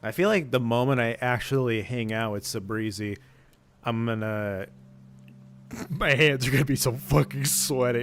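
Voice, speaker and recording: A man's voice: medium pitch, a little slow, fairly bright tone. A man streaming casually, bantering with his chat and joking at his own expense.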